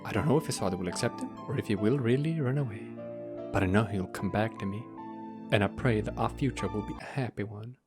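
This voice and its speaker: A man's voice: lowish voice, fast, music in the background, lightly acted. A man reading a visual-novel protagonist's lines in an earnest, storybook way, close to his own voice.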